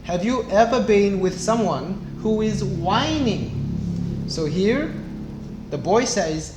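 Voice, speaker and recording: A young man who teaches English, reading a storybook aloud slowly and clearly to children. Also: sits high, expressive, over music. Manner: slow and clear, with small voices for the book's characters. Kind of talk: slow read-aloud lesson for kids. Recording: echoey room, faint background noise.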